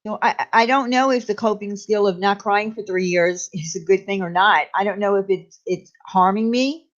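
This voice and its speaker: A woman's voice: mid-range voice, moderate pace, highs cut off. A woman hosting a casual live chat with viewers, speaking candidly and confidingly and greeting them by name. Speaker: live stream host.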